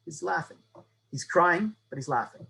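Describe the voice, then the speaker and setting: Guy teaching a class, storytelling, keeps asking right?, loud one sec then hushed the next. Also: expressive, normal speed, gravelly, poor audio. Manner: storytelling, often asks "right?" to the listeners; swings between raised emphatic and low hushed delivery. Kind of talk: Torah lesson on the Passover Haggadah.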